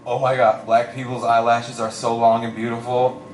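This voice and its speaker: A man's voice: medium pitch, completely flat delivery, moderate pace, voice pushed down, lightly acted. A man voicing a drunk, awkward, clingy young man who gushes and slurs. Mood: gushing. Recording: roomy live venue, distant mic.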